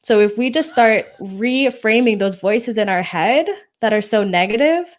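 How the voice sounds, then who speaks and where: A woman's voice: fairly high pitch, animated, normal speed. A young adult woman co-hosting a podcast, talking candidly and encouragingly in casual chat with a teasing streak. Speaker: podcast co-host.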